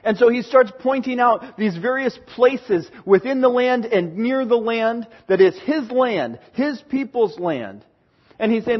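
A man preaches in a high, unhurried voice, stressing his points with earnest emphasis as he explains scripture. The recording is a little dull and lo-fi. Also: expressive. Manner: earnest, emphatic, paraphrasing God in a booming voice. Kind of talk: sermon, expository Bible teaching.

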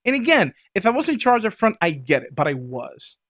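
A man casually telling a vacation story on a podcast, animated, often laughing and acting out what people said. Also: sits high, brisk, dull audio.

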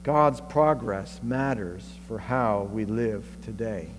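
A man's voice: on the low side, slow pace, hardly any pauses. A male pastor preaching a sermon in a conversational way, thinking aloud and asking rhetorical questions. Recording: long reverb and faint mains hum.

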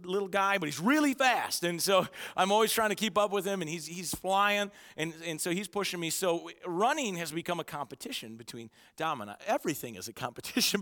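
A man preaching a sermon to his church, with energetic storytelling and self-mocking humor. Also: high voice, big-room sound. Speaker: pastor. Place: church auditorium.

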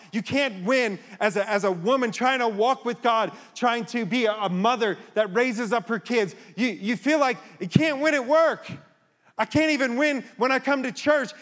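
A man's voice: high voice, fairly bright tone, long reverb tail. A man preaching a sermon as pastor, impassioned and rising to emphatic calls to his congregation in a church sanctuary.

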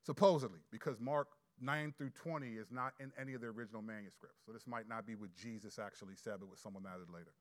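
A male pastor preaching a sermon, reading scripture aloud and posing rhetorical questions, moving between loud emphatic passages and quiet asides. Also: lowish voice, fast talker, few pauses.

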